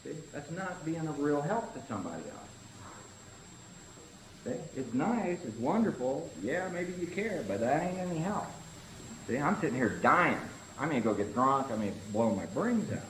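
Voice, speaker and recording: A man's voice: fairly high pitch, big pitch swings, moderate pace, a bit bright. A man leading a recovery-group study session, talking in short punchy phrases and often tagging them with "see?". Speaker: Big Book study leader. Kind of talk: recovery group teaching talk. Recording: echoey room with faint hiss.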